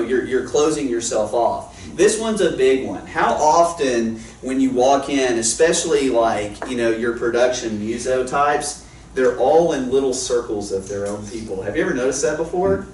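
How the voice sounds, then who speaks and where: A man's voice: mid-range voice, lively intonation, moderate pace, darkish tone, slight background noise. Rambling self-mocking man, echoey room. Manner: self-deprecating, rambling, laughs at himself. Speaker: guest worship leader teaching a session. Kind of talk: casual storytelling talk. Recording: roomy echo, distant mic, faint ambience.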